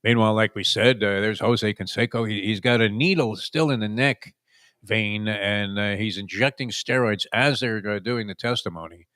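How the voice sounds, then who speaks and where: A man's voice: lowish voice, normal speed, a bit bright, no echo, studio quality. A man hosting a casual sports talk show, telling rambling wisecracking stories with lots of "uh"s. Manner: wisecracking, rambling storyteller with frequent "uh"s.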